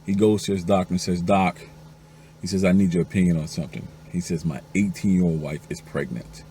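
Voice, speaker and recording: A very deep-voiced man tells jokes one after another in a mellow, dark tone. He acts out the lines of the husbands, wives and doctors, rising to a high pitch for the women. A faint hiss of noise runs beneath the recording. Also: fairly even intonation, fairly quick. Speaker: joke teller. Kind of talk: telling a string of jokes.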